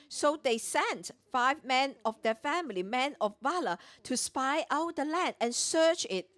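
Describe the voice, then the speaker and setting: High, lively woman preaching a sermon. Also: a little slow, hardly any pauses. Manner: retells scripture with voiced dialogue. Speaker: preacher at morning prayer. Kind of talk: Bible teaching sermon.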